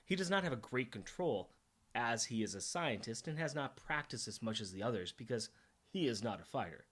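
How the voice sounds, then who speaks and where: A man's voice: medium pitch, animated, fairly quick, fairly bright tone. A middle-aged man co-hosting a casual comic book podcast, enthusiastic and jokey, laughing often. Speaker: podcast co-host.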